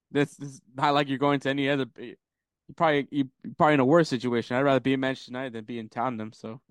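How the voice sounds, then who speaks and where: Smooth-voiced man chatting about soccer. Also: mid-range voice, flat delivery, fast, dry recording. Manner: rambling, swears, laughs often. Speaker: podcast co-host. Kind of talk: casual soccer chat.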